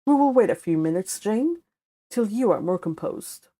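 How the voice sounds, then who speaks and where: A woman with a Spanish accent reading the lines of a stern, composed young male clergyman in a calm, measured way, close to her own voice. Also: medium pitch, close to an everyday voice.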